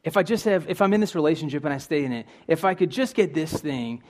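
A man's voice: on the high side, animated, fast, a little mellow. A young man preaching a sermon in an earnest, conversational way, asking his listeners questions.

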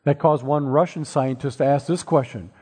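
A husky-voiced middle-aged man speaks to an audience, walking listeners through his points with homely analogies and the odd dry joke. His voice rings out with a long reverb tail from a large hall. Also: mid-range voice, normal speed, a little mellow. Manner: explains with everyday analogies and wry asides. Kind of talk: presentation to an audience.

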